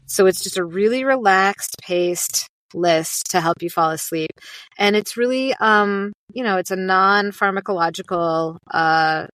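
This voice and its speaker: A woman's voice: mid-range voice, moderate pace, fairly bright tone, no room sound. Chatty American woman, dry close sound. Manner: chatty, upbeat, fillers and self-interrupting restarts. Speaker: podcast guest, sleep podcast host. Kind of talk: casual conversational interview.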